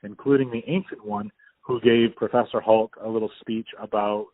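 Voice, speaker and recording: A man with a somewhat low voice chats eagerly over a phone line, rambling and restarting his sentences. The sound is dry and thin, like a tinny phone call. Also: steady tone, moderate pace, no echo. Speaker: podcast host. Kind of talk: casual phone chat.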